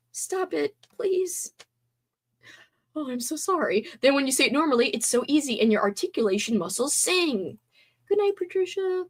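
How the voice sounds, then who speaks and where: A woman's voice: on the high side, husky. A young woman hosting a livestream, bubbly and giggly as she chats with viewers, still tired after a sleepover. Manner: bubbly, giggly, reacts to chat. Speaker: livestream host. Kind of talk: casual livestream chat.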